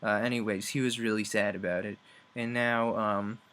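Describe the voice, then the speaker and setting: A man's voice: fairly low pitch, steady tone, normal speed, fairly bright tone, clean tone. A young man casually talking through a video game story, rambling, with many fillers and frequent chuckles. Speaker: game reviewer.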